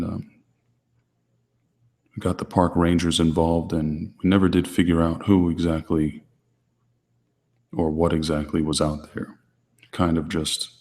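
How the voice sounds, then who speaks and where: A man hosting his channel, answering viewer questions in a calm, deliberately quiet, restrained way. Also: rumbling low, big-room sound. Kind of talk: low-key livestream chat.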